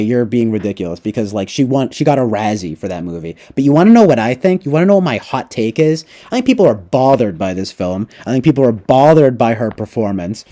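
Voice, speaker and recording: In a mellow, medium-pitched voice, a man hosts a laid-back livestream about films. His talk wanders and turns profane, peppered with "like" and "right?".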